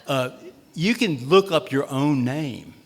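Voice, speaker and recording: At a town hall meeting, a state treasurer with a Southern drawl slowly and animatedly recounts self-deprecating, humorous tales. His voice sits in the mid range. Long reverb from the hall fills the recording.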